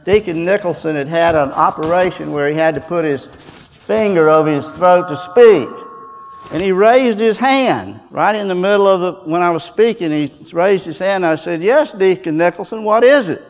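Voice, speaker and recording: A man's voice: sits high, moderate pace, a little hiss or hum. A man from Texas with a Southern US accent, giving a folksy, joking chapel talk as a guest speaker. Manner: folksy and joking, with fillers and restarts. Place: large hall. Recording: hall reverb.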